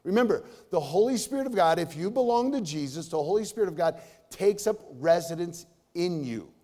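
A middle-aged man preaching a sermon in a church. He talks in a conversational way, swinging between loud and hushed. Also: high-pitched, lively intonation, a little fast. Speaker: pastor. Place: church sanctuary. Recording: long reverb of a large hall.

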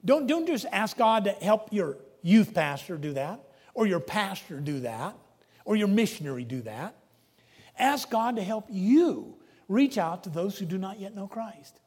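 A man preaching a sermon, emphatic, swinging between loud declarations and hushed asides. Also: high-pitched, big pitch swings, a little slow, slightly rough. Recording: long reverb of a large hall.

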